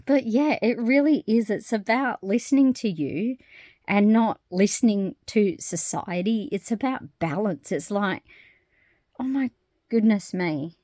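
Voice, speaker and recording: Lady vlogging straight to camera, frank and lively, lots of swearing, dry sound no room echo. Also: medium pitch, measured pace. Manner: animated and candid, swears freely, laughs often. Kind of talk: casual personal monologue.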